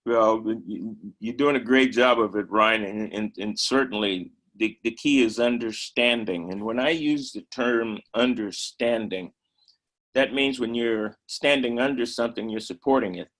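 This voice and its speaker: Older man, ex-player turned coach, halting conversational delivery with repeated words and throat-clearing. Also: medium pitch, a bit bright, rough recording. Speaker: former major league player and coach. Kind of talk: conversational interview.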